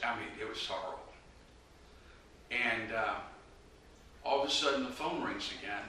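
An earnest, urgent man preaches his testimony in a very bright, forceful voice. He sounds set back from the mic in a hall that echoes heavily, with a little noise underneath. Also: lowish voice, moderate pace, long pauses. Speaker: evangelist preacher. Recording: very echoey room, mic far off, faint noise.

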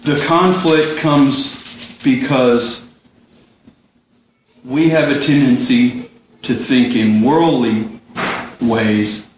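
Slow, halting man leading a Bible study. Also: mid-range voice, steady tone, slight background noise. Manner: thoughtful, halting, repeats words as he gathers thoughts. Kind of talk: informal Bible study teaching. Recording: very echoey room, distant mic, faint ambience.

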